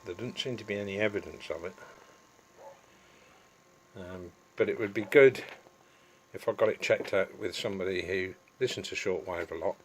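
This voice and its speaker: A middle-aged man talks his viewers through his gear in a relaxed, rambling way. His voice sits low, and he keeps drifting off on homely asides. There is a faint hiss behind him. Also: moderate pace. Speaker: DIY vlogger. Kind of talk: casual chatty vlog.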